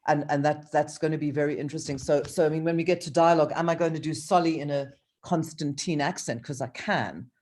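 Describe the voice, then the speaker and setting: A woman's voice: low-pitched, steady tone, fast talker, few pauses, a little mellow. A woman author reading from her own novel, then talking with hesitant ums and restarts over a video call.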